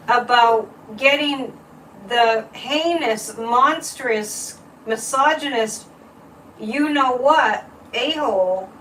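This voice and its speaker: A woman with a slightly high voice hosts a psychic livestream, chatting casually and opinionatedly as she reads comments and pulls cards. She sits a bit back from the mic, and a faint hum of room noise sits under her voice. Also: takes it slowly, far from the mic, rough recording. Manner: chatty, opinionated, lively swings in pitch and loudness.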